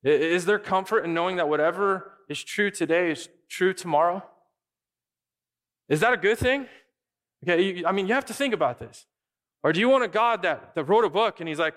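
A man preaching a sermon as pastor, animated and acting out quick imagined dialogue. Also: high-pitched, big-room sound.

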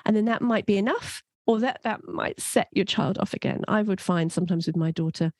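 A woman coaching parents in an earnest, reassuring tone. She becomes animated when she talks about strong emotions. Her voice is close and dry, with no room sound around it. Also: medium pitch, fairly quick, no echo. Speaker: mother. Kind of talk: advice monologue to parents.

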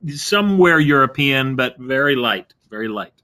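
An older man, a guest actor in a casual interview, talking in an animated way, laughing easily and stumbling over his words. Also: medium pitch, moderate pace.

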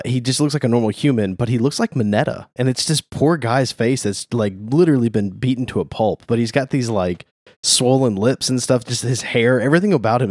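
A man's voice: mid-range voice, a little mellow, no room sound, clean studio sound. A man co-hosting a casual podcast, chatting and rambling about comics and laughing at his own jokes. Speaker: podcast co-host.

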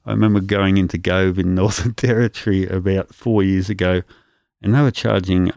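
An Australian man spins comic anecdotes in a relaxed interview, slipping into the voices of the people in his stories. His voice sits low with a gravelly edge. The recording is close and dry. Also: moderate pace, dry recording. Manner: animated anecdotes, acting out others' lines. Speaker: comedian guest. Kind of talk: casual storytelling interview.

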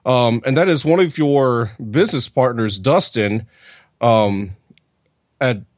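Man, interview host, mid pitch, halting, filler-heavy, dry close sound. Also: dry recording. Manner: warm, halting, many fillers. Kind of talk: interview questions.

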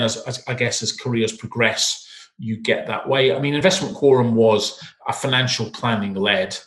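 A man with a Scottish accent, a founder speaking as a guest on a podcast interview over a video call, relaxed and rambling. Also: on the low side. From Scotland. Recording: echoey room on a call.

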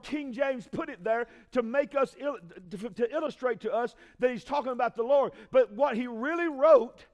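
A man preaching a sermon as pastor, calling out to the congregation, swinging from shouts to low, quiet lines. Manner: preaching with call-and-response, shouting peaks and dropping low.

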